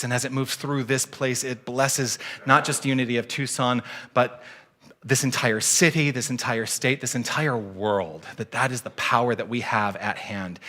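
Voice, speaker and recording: A male minister giving church announcements, relaxed and a little tongue-tied, with frequent fillers. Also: medium pitch. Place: church sanctuary.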